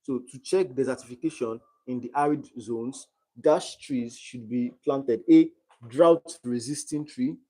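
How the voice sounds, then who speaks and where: A man's voice: mid-range voice, measured pace, mellow. Young man tutoring on a live stream. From Nigeria. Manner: reads quiz options aloud and checks understanding.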